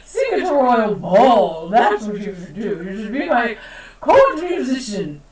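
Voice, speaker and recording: A woman's voice: a little high, sing-song, unhurried, darkish tone, recorded from a distance. A woman voicing a vain, pompous queen who gushes grandly and fishes for praise, recorded in a roomy space away from the microphone. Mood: delighted. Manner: grand and self-satisfied, fishing for praise. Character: vain, pompous female queen, gushing and fancy.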